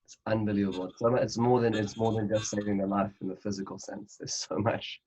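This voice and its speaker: A quick-talking man with a husky, low-pitched voice, a rabbi interviewing a guest. He answers with short, admiring reactions, and his voice sounds a little off-mic, farther from the microphone. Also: little pitch movement, dark tone, rough recording.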